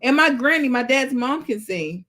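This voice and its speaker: A woman, hosting a casual chat and telling family stories in a lively way, now and then breaking into song. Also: sits high, normal speed. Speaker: vlog host.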